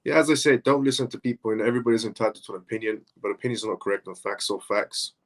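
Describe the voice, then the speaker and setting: A man's voice: on the low side, racing. A man hosting a crypto news live stream, talking casually and chatting to viewers, often repeating "essentially". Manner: greets chat viewers by name one after another.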